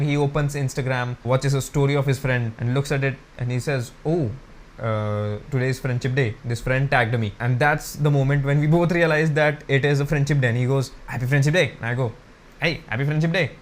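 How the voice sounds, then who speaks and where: Stand-up comedian, male, raised voice, crude and chatty, performing to camera in his room. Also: fairly high pitch. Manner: crude, conversational, addresses viewers as guys. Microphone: camera mic.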